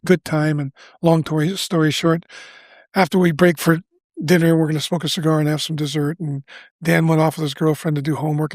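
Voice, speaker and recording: Gravelly, husky older man telling a story. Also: fairly high pitch, dry recording. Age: 70s. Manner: earnest, restarts often, acts out quoted lines. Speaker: guest. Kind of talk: candid storytelling in a podcast interview.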